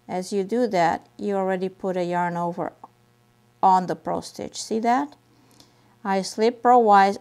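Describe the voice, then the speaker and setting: A woman guides viewers through a knitting stitch at a slow, unhurried pace. She is patient and repeats each step as she works it. Her pitch sits in a middle range. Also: a little mellow, clean tone. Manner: patient, repeats steps slowly while demonstrating. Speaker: knitting teacher. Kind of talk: step-by-step craft tutorial.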